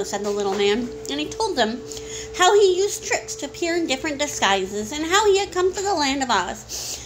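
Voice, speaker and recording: A woman reading a picture book aloud to a child in a calm, clear storytelling manner. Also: sits high, moderate pace, soft background music, rough recording. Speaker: storybook reader.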